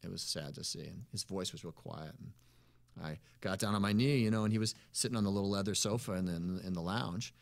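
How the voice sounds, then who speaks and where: A man's voice: low voice, brisk, vocal fry. A man, a musician guest in a casual interview, telling stories in an easygoing, rambling way. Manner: easygoing, rambling, peppered with "you know" and "man".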